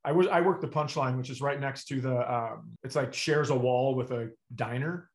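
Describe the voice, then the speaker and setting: A middle-aged man, a comedian, telling stories in a relaxed chat and acting out the dialogue. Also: mid-range voice, normal speed. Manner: animated storyteller acting out dialogue. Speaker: comedian guest. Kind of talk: casual storytelling chat.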